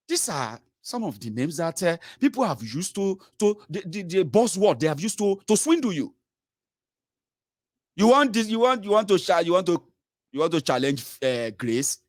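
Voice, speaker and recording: A man's voice: a little high, normal speed, no echo, clean studio sound. A Nigerian-accented man ranting through political commentary for his vlog, mixing pidgin into his English. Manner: animated, mixes pidgin into English.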